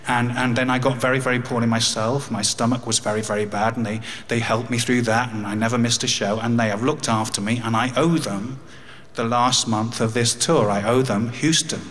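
A man's voice: mid-range voice, fairly even intonation, a little fast, fairly bright tone. An English man in his fifties telling a personal story, with wry humour and grief. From England. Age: 50s. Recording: long hall reverb.

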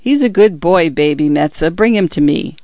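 A woman's voice: deep voice, expressive, moderate pace, dark tone, no echo, dull audio. Woman doing a dead grandmother's spirit, soothing and coaxing, dry close recording.

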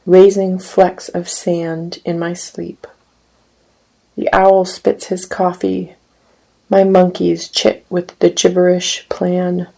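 A woman gives a poetry reading in a low, gravelly voice with a dark, mellow tone. She speaks slowly and evenly, barely rising or falling. Each line is set apart by a deliberate pause. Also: rough recording. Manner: measured, deliberate recitation with pauses between lines. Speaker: poet.

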